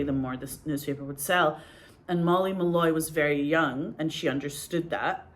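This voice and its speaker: A woman in her forties, a podcast host, telling stories in a loose, chatty way full of fillers. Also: deep voice. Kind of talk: casual storytelling.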